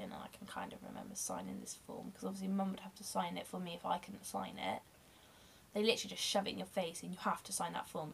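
A woman's voice: medium pitch, vocal fry, slight background noise. A young woman candidly telling a long personal story in a rambling, emotional way. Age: young adult. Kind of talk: casual storytelling vlog.

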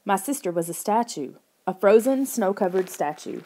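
Woman reading a storybook aloud, warm mellow voice, expressive. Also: on the low side, moderate pace, few pauses. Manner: expressive reading, raises her voice for characters' lines. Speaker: audiobook narrator. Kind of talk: scripted audiobook narration.

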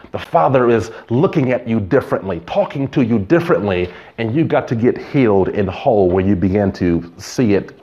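A man's voice: lowish voice, darkish tone, muffled recording. A man preaching a sermon as pastor, in a conversational way, telling stories and adding asides.

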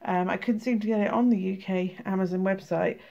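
A woman's voice: mid-range voice, steady tone, a little fast, creaky, warm tone, muffled recording. A British woman with a sore throat, chatting casually and laughing while she reads out oracle cards, swearing freely. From United Kingdom. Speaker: tarot and oracle card vlogger. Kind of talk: casual card flip-through, reading cards aloud.

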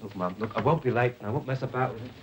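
A man's voice: mid-range voice, rapid-fire, a little hiss or hum, natural voice, low-quality recording. An actor playing a flustered young man who stammers and pleads with his mother, in a 1960s TV drama.

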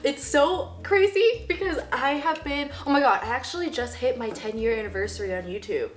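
A woman's voice: high-pitched, fairly quick, reverberant, soft background music. A woman in her twenties, a YouTuber chatting casually through an unboxing vlog, bubbly and giggly with emotional asides. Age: 20s.

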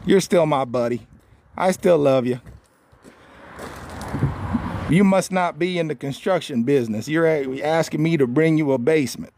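A man's voice: fairly high pitch, normal speed, long pauses, noisy background. A man hosting a casual live stream as a cabin salesman, playfully teasing a viewer, laughing often and repeating himself, with folksy sign-offs.

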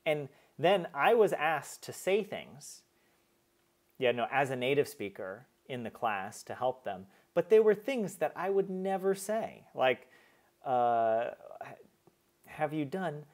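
A man's voice: medium pitch, sing-song, takes it slowly, a little mellow. A man chatting casually on a live stream, chatty and self-mocking, laughing at his own slips. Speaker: streamer learning a language.

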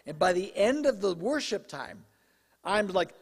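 A male pastor preaching a sermon in a conversational, animated way, his voice slightly hoarse. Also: high voice, measured pace, long reverb tail. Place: church sanctuary.

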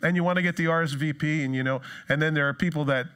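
A man preaching a sermon in a casual, joking way, acting out quoted excuses in higher, put-on voices. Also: fairly even intonation, fast talker, fairly bright tone, clean tone. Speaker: pastor. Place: church.

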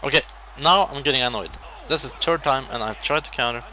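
Excitable man commentating a wrestling game. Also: mid-range voice, fast talker, a little hiss or hum. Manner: excitable, swings between loud shouting and muttering.

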